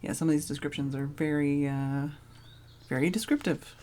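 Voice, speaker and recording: Low-voiced woman streamer. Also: moderate pace, a little hiss or hum. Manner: relaxed, wry asides. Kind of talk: casual game streaming with read-aloud story.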